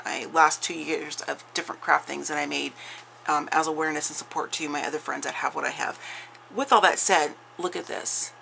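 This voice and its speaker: Gushing woman with gravelly, bright voice. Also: deep voice, a little hiss or hum, rough recording. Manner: chatty, gushing, with frequent restarts. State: slightly slurred from facial numbness. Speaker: craft vlogger. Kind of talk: casual unboxing chat. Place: craft room at home.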